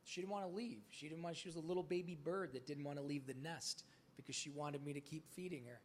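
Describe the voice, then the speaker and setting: Man, motivational speaker, somewhat high voice, candid storytelling, swears casually, live on stage. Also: fast talker, slight background noise. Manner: acts out dialogue in stories.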